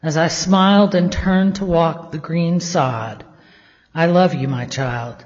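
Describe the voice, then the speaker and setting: A man, a state legislator, slowly reciting a devotional poem as the opening prayer, gentle and measured, letting line ends fall to a hush. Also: a little high. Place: legislative chamber. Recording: dull, echoey chamber audio.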